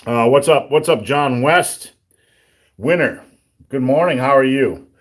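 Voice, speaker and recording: Male strength coach hosting live viewer Q&A, sore throat, frequent throat-clearing, blunt plainspoken answers with dry jokes. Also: mid-range voice, measured pace. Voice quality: throat-clearing, a bit rough. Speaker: livestream host answering viewer questions. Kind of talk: casual live Q&A on strength training.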